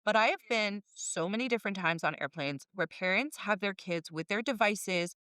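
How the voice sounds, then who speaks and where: A woman in a casual panel chat about flying, telling stories in an animated way and imitating sounds. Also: medium pitch, moderate pace, clear, resonant tone, dry recording, studio quality. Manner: animated storyteller, mimics sounds. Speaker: flight attendant panelist.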